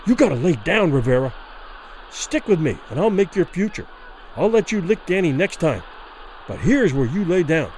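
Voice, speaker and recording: A man's voice: sing-song, moderate pace, a little mellow, a little hiss or hum, poor audio. A man doing a harsh, crooked fight promoter. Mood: harsh urging. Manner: harsh, low, pleading then demanding.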